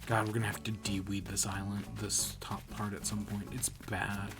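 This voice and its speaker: A man's voice: fairly low pitch, level tone, moderate pace, over music. A man streaming a video game, chatting casually in rambling, self-correcting bursts. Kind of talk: casual gameplay commentary.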